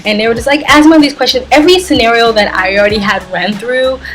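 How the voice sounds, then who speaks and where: A woman's voice: on the high side, quick pace. A young woman telling a travel story on her vlog, acting out the dialogue and filling it with "like". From United States. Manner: animated retelling, heavy use of "like". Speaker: travel vlogger.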